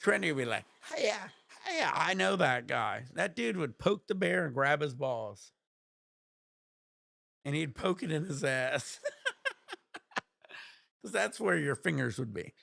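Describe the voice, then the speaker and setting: A laid-back man rambles through casual livestream chat and laughs easily. His voice has a gravelly edge and sits a little high for a man, with lively swings in pitch. The sound is close and dry on a desk mic. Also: unhurried, pauses often, no echo. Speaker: livestream host.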